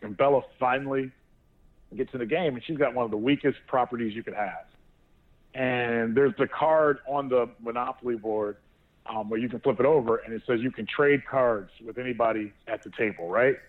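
Dad co-host calling in over a tinny phone line, animated storyteller, laughs a lot. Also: male voice, medium pitch, moderate pace. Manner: animated, laughs while telling stories. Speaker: co-host of a sports talk show. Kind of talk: casual storytelling chat.

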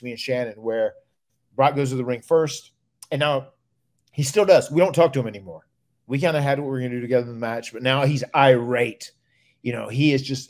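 A man, casually telling stories on his podcast and getting loud when he acts out other people. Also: mid-range voice. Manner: animated storyteller, loud when acting out others. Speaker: podcast host, retired wrestler. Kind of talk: casual storytelling.

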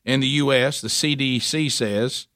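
A man co-hosting a talk radio show, reading news and chatting casually with a rambling, animated delivery. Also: medium pitch, unhurried, no room sound, clean studio sound. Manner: rambling, animated when joking.

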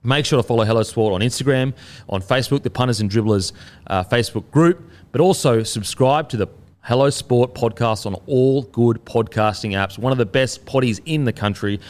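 A man's voice: mid-range voice, brisk. An Australian man hosting a podcast, moving from a pumped-up sponsor read into casual chat. He teases his co-hosts freely. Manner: teasing, upbeat promoter. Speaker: podcast host.

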